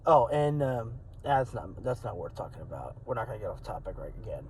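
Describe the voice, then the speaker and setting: A man's voice: medium pitch, big pitch swings, brisk, a little mellow, slight background noise, rough recording. A man hosting his own channel, talking casually and rambling with many fillers, his voice cracking a little. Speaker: wrestling channel host. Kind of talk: casual talk to camera.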